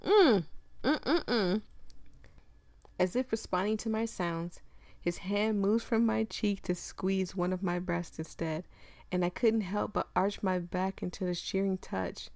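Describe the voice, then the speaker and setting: A woman's voice: medium pitch, fairly even intonation, unhurried, a little mellow, no echo. Young woman gamer with a mid-range voice, reads game text aloud, giggly, dry recording. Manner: giggly, often breaking into laughter. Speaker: gaming video creator. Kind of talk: reading a visual novel aloud with commentary.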